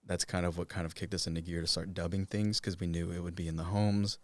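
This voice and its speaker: Low-voiced young man, casual and rambling. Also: flat delivery, quick pace, no echo. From Cherokee Nation, Oklahoma. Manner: loose, filler-heavy talk, many "like"s. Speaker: voice actor guest. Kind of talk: casual interview chat.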